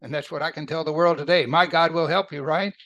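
An older man leads a Bible study in a chatty, conversational way and keeps checking that his listeners follow. His voice is gravelly and bright, a little above the usual pitch for a man. It is recorded close and dry. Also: steady tone, fast talker, no echo, lo-fi sound. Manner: conversational, asks listeners to agree.

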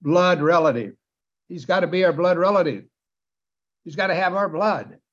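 With a high-pitched voice at a moderate pace, a man preaches a sermon emphatically, frequently putting questions to his listeners. The recording sounds dull and lo-fi.

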